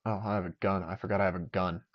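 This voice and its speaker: A man's voice: low-pitched, steady tone, fast. A young man chatting casually while streaming a game, rambling and joking to himself. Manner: rambling, joking self-talk. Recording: dull lo-fi sound.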